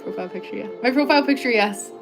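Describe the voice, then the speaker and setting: A woman's voice: on the high side, very fast, creaky, music in the background. A young woman from the United States hosting a casual livestream, reading viewer comments and answering them in a chatty way, full of "like" fillers, on a clip-on mic. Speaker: livestream host.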